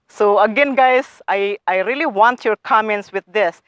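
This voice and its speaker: A woman's voice: medium pitch, measured pace, a bit bright, dry recording, muffled recording. Eager woman gardener talking to viewers. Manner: eager, addresses viewers as guys, non-native phrasing. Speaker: gardening vlogger. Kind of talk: casual how-to demonstration.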